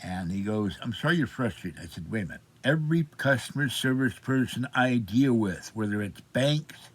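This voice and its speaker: A man's voice: lowish voice, lively intonation, normal speed. A man in his seventies from Pittsburgh, telling an indignant, rambling story of complaint in a personal vlog. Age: 70s. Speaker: vlogger.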